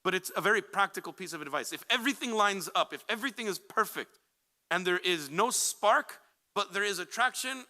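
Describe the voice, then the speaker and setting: Bright-voiced man giving lively advice. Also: sits high, normal speed. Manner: animated, jokey, acts out quoted people. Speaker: Islamic speaker answering questions. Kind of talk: casual talk to a young audience.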